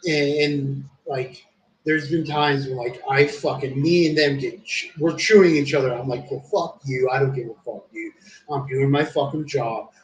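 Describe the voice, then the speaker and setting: In a roomy recording made at a distance from the mic, a man streaming tells a long, rambling story, cursing nonstop and frequently calling people "dude." He speaks at a normal speed with a medium pitch and a steady tone.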